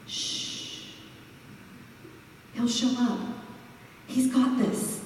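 Woman, sermon, expressive, slows for emphasis, long hall reverb, faint room noise. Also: a little high. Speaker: preacher. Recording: echoey hall, mic far off.

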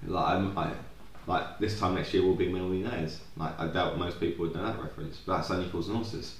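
A man's voice: deep voice, steady tone, fairly quick, reverberant, a little hiss or hum. A young man co-hosting a podcast, chatting casually and rambling off on tangents with plenty of swearing. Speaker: podcast co-host. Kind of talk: casual chat.

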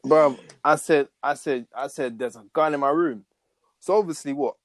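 A man's voice: on the high side, normal speed, no echo. A young man in casual chat, recounting a story in a slangy, matter-of-fact way. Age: young adult.

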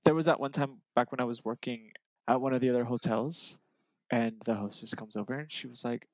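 A young man co-hosting a podcast, telling a story in casual chat, animated and excitable, acting out the voices in the dialogue he retells. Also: mid-range voice, fairly quick, dry recording. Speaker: podcast co-host.

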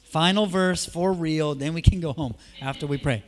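A man preaching a sermon in a church, telling stories in a casual, conversational way, shifting from soft asides to loud emphatic peaks. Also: fairly high pitch, normal speed. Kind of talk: sermon with storytelling.

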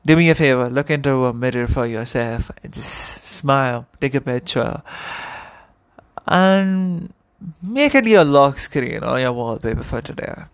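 A man's voice: mid-range voice, animated, a little slow, smooth. A young man hosting a casual solo podcast, rambling and candid, with frequent fillers and restarts. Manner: candid and chatty. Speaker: podcast host.

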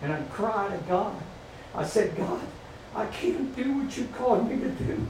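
A middle-aged pastor with a high voice preaches in a repetitive call-and-response style. He is picked up from a distance in an echoey church, with faint ambient noise behind him. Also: lively intonation, unhurried, darkish tone. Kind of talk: sermon. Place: church sanctuary.

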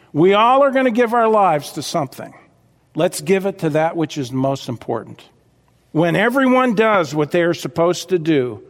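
A man preaching a sermon as pastor, fervent, dropping low and quiet and then rising sharply. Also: in a large hall.

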